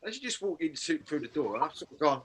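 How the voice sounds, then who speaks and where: A man hosting a casual chat, telling a long, animated anecdote with many restarts. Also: on the high side, fast, breathy edge, low-quality recording. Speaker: podcast host.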